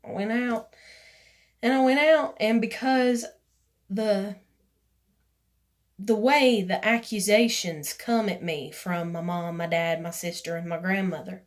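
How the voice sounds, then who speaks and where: A woman's voice: mid-range voice, unhurried. Rambling woman telling her story. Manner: rambling, full of "you know" and "like", acts out others' lines. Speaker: vlogger. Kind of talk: casual personal storytelling.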